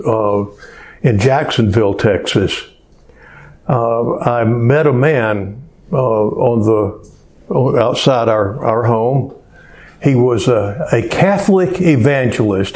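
Slow-spoken male pastor preaching. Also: mid-range voice, a little mellow. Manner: slow storytelling delivery. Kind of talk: sermon.

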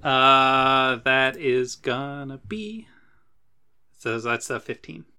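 A man playing a tabletop game in a playful, animated way. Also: mid-range voice, drawn-out words, smooth. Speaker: player.

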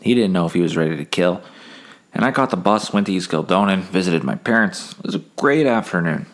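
A man's voice: deep voice, animated, a little fast. A man, hosting a podcast and rambling through a comic story with many fillers. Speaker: podcast host. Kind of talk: comedic storytelling monologue.

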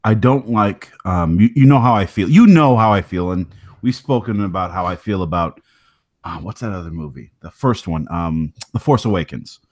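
A man's voice: deep voice, expressive, normal speed, darkish tone. A man co-hosting a podcast in casual chat, often stammering through restarts and laughing hard. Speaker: podcast co-host.

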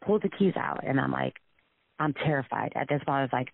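A man telling a frightening personal story in a halting, shaken way, with many restarts. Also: medium pitch, vocal fry, breathy edge, dry recording. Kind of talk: emotional personal testimony. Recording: tinny phone-line recording.

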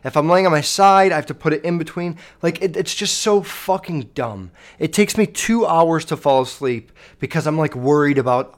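A man's voice: a little high, normal speed, hardly any pauses. Young man rambling through a wild story. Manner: rambling, swears a lot, acts out his own panic. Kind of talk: casual storytelling to camera.

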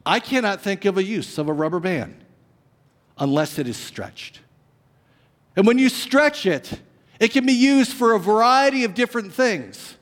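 Pastor, male, high voice, animated sermon delivery, heard in a reverberant church hall. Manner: animated preaching, swinging between loud emphasis and hushed, drawn-out lines. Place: church sanctuary.

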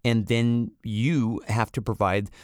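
A man co-hosting a casual chat, telling a story in a wry, animated way. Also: mid-range voice, slow pace, no room sound, clean studio sound. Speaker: podcast co-host.

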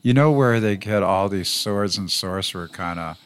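A man co-hosting a podcast, talking in a hesitant casual way with pauses between phrases. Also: deep voice. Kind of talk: casual chat.

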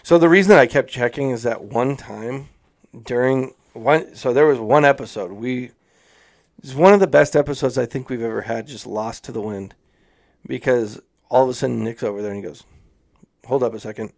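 A man co-hosting a podcast in casual chat, animated and swearing, slipping into mocking voices. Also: mid-range voice, normal speed, vocal fry. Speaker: podcast co-host.

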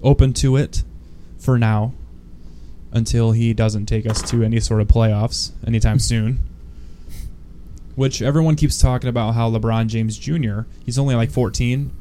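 A man's voice: mid-range voice, steady tone, normal speed, mellow, a little hiss or hum. A man co-hosting a podcast in casual, joking banter, laughing often. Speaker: podcast co-host. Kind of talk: casual chat.

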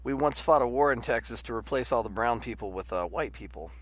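A man in casual political chat, rambling and animated with lots of "like" and restarts. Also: mid-range voice, brisk. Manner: rambling, animated, heavy use of "like".

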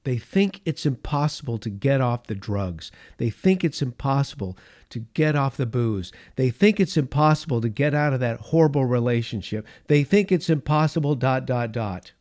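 A middle-aged male pastor delivering a sermon with fervent conviction. His voice rises and falls sharply in volume, and he lets dramatic pauses hang between phrases. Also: medium pitch, lively intonation. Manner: impassioned preaching with dramatic pauses and swings in loudness.

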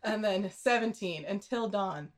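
A woman's voice: medium pitch, measured pace, noisy background. A woman on a podcast, ranking games in casual chat with dry quips and frequent laughs. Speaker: podcast co-host.

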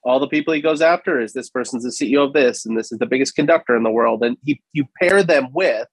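An animated man making his point. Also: mid-range voice, fast, breathy edge, no echo. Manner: animated, rhetorical, acts out quoted people. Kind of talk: casual conversation.

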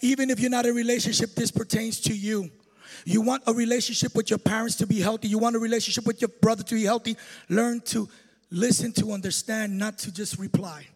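A male pastor delivers a lively, joking sermon with a singsong preaching cadence. His voice sits very high for a man and sounds husky. The hall trails every phrase with a long reverb. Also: fast talker. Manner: preaching with sing-song emphasis and jokes. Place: church hall.

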